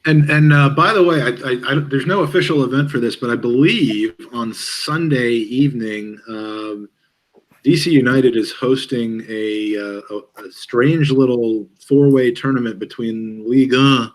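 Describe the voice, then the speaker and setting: A male podcast host in loose, casual chat, mid-range in pitch. He stops and restarts often, leans on fillers and slips in dry jokes. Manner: halting, jokey, many fillers and restarts.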